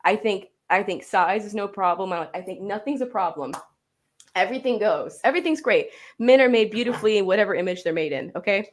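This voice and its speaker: A young adult woman telling a funny story in casual chat, lively and laughing, acting out the other people in her story. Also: mid-range voice, a little fast. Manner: animated, laughing, acts out quoted voices.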